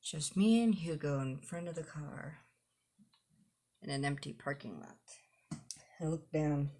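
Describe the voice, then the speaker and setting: A woman's voice: sits low, a little slow, mellow. A woman streamer reading a visual novel aloud, laughing in between and adding dry asides. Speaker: gaming streamer.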